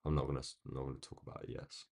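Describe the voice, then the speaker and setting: Man, London accent, extremely deep voice, rambling live-stream chat, quiet room. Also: level tone, very fast, creaky. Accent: London English. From United Kingdom. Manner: rambling, chatty, answers viewers' comments. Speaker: day-trading live streamer.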